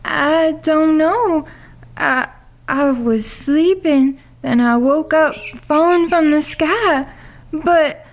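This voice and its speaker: A woman's voice: high voice, takes it slowly. A frightened little girl with a lisp. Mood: dazed. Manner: pleading, tearful, small-voiced. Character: frightened ten-year-old girl with a lisp.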